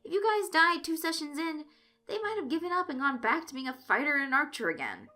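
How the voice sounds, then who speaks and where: A woman's voice: high voice, big pitch swings, a little fast, bright, forceful tone, faint music behind, voice pushed up, full character voice. A woman reading the part of a nervous teenage boy running a tabletop game, who stammers when flustered, in a fan fiction reading. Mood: earnest.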